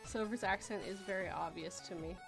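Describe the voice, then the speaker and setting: A woman's voice: mid-range voice, brisk, vocal fry, music in the background. A woman hosting a casual chat, rambling and self-deprecating, often giggling. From Canada. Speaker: podcast host.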